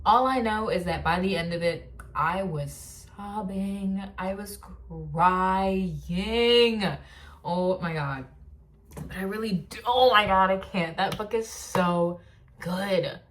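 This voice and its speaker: A young woman vlogging in casual chat, talking in an animated, rambling rant full of filler words. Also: mid-range voice, slow pace.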